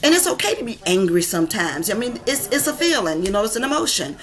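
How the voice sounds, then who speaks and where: A woman's voice: fairly high pitch, very animated, quick pace. Impassioned Southern woman in her fifties. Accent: Southern US (Georgia). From Georgia, US. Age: 50s. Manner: emphatic, impassioned, repeats for emphasis. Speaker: vlogger. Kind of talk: venting monologue. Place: room at home.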